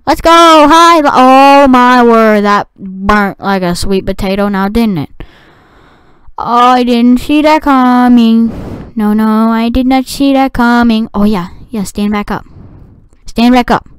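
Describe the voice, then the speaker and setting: A woman giving excitable gameplay commentary, talking to the game and shouting at it. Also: on the high side, unhurried, clear, resonant tone, no room sound. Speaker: gaming video creator.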